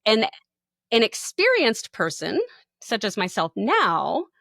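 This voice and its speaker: A woman's voice: mid-range voice, no echo. Woman co-host telling a story, dry close mic. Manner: animated, laughs often, acts out quotes. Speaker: podcast co-host. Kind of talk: casual chat, storytelling.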